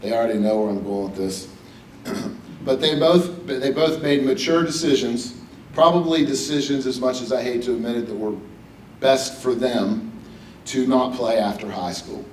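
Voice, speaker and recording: Moderately paced and mid-range, a middle-aged man's voice delivers a personal, joking speech accepting a hall of fame honor at a podium. He's from West Virginia, USA, speaking to an audience in a banquet hall. The mic is distant and he's a bit off it, the hall is echoey, and there's a little hiss or hum.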